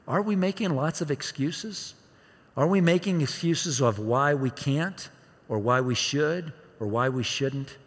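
A man's voice: mid-range voice, breathy edge. A man in his fifties preaching a sermon, asking the congregation questions and acting out quoted pleas. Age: 50s. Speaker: pastor. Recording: long hall reverb.

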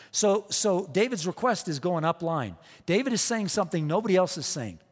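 A man's voice: on the high side, long reverb tail. A man preaching a sermon, emphatic and repetitive, firing off rhetorical questions to the congregation. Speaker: pastor.

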